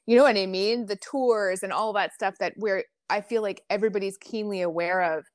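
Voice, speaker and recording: A woman's voice: mid-range voice, fairly even intonation, a little fast, no room sound, clean studio sound. A woman hosting a chat show, asking eager questions in a conversational way. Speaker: podcast host. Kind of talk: conversational interview.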